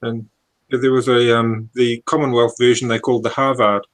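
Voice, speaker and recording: On a casual video call for a hobby hangout, a guest muses aloud and asks eager questions about old planes. His voice sits at medium pitch with a level tone and moderate pace. The recording is rough, and his manner is enthusiastic.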